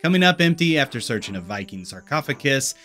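A man's voice: mid-range voice, big pitch swings, fast, bright, forceful tone, faint music behind. A man with a Missouri accent narrating a scripted film commentary with wry, sarcastic asides. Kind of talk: scripted video-essay commentary.

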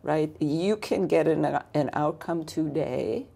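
A woman's voice: deep voice, slow pace, vocal fry, dark tone. A woman, a coach and author, explaining her ideas as an interview guest, building points with lists of questions.

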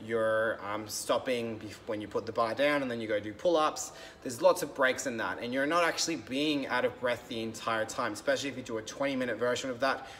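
A man's voice: medium pitch, a bit bright, a little hiss or hum. A young man, a fitness coach, talking loosely to camera and explaining a training idea with frequent ums and restarts. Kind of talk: casual explanatory talk to camera.

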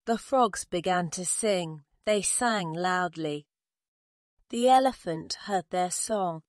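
A woman's voice: on the low side, no echo, clean studio sound. A woman narrating a simple graded reader story in a careful, plain way. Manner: slow, careful, simple wording.

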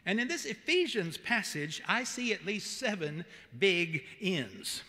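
Pastor, male, Southern accent, high bright voice, earnest measured sermon, long church reverb. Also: sing-song. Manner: earnest, measured preaching with emphatic repetition. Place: church sanctuary.

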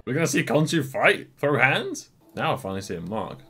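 A man, hosting a reaction video, excitable and laughing with lots of exclamations. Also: mid-range voice, fairly quick, gravelly, slightly rough, faint music behind. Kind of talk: live reaction commentary.

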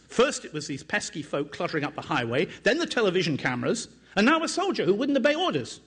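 A man reads passages from his own book aloud, his voice somewhat high for a man and noticeably husky. He takes a measured, dramatic pace and lifts his pitch whenever he voices a quoted line. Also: wildly swooping pitch, fairly bright tone, a faint crowd. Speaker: author and journalist.

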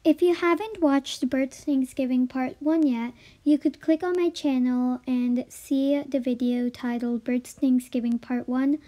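Woman reader for a storybook channel, high and mellow, careful and plain. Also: steady tone, unhurried, hardly any pauses. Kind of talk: reading a story aloud to camera.

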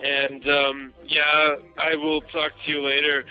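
A man's voice: on the high side, monotone, takes it slowly, music in the background. A drunk man rambling loosely in a voicemail. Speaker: voicemail caller. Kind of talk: voicemail message. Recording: dull lo-fi voicemail.

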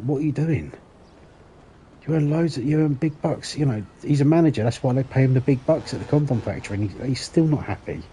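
A man's voice: mid-range voice, warm tone, a little hiss or hum. A man streaming a game, chatting casually with viewers, joking, rambling and swearing as he goes. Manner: joking, rambling, swears often, laughs at his own jokes. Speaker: gaming livestreamer. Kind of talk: casual livestream chat while playing.

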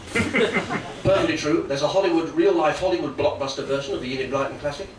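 Comedian on a roomy club stage. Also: male voice, fairly high pitch, fairly quick, a little hiss or hum. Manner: jokey, lively, slipping into put-on voices. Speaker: stand-up comedian. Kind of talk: stand-up comedy with impressions. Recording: roomy club sound from far off. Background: audience laughter.

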